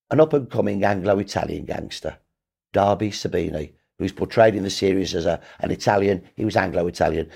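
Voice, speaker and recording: A man's voice: fairly low pitch, vocal fry, darkish tone, husky. A man, a historian answering interview questions in an emphatic storytelling way. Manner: emphatic, storytelling, rises when rebutting. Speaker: historian guest.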